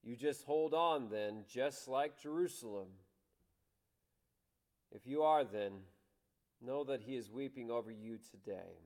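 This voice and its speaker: A man preaching a sermon with passion, moving between loud declarations and hushed, soft lines. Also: mid-range voice, a little slow, long pauses. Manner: impassioned, dramatic swings between loud and hushed. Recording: long hall reverb.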